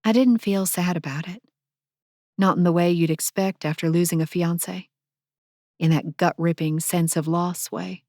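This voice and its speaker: A woman narrating a first-person romance audiobook in a soft, intimate manner, on a close studio mic. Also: on the low side, fairly even intonation, moderate pace, no room sound.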